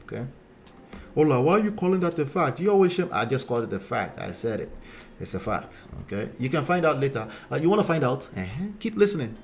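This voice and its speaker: A man's voice: medium pitch, big pitch swings, quick pace. A man with a Nigerian accent, a relationship coach hosting a casual live stream, reading viewer comments and addressing his audience bluntly. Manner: blunt, conversational, calls out viewers and 'gentlemen' directly.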